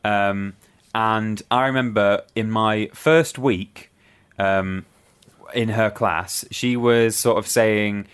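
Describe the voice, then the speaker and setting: A young man with a fairly low voice settles into a long, easygoing anecdote on a podcast. He slips into the voices of the people he quotes, then drops back into plain, unhurried chat. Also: smooth. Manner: relaxed anecdotal storytelling with acted-out quotes. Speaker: podcast co-host. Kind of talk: casual chat, storytelling.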